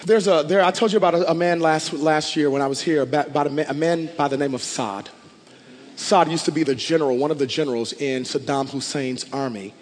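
Man, pastor, impassioned sermon, fairly high voice, long hall reverb. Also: fairly quick, slight background noise. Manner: impassioned, rising to loud declarations.

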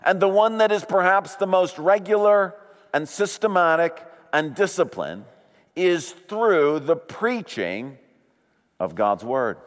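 A man preaching a sermon as pastor, slow and deliberate, leaning on key words. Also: sits high, expressive. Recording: long hall reverb.

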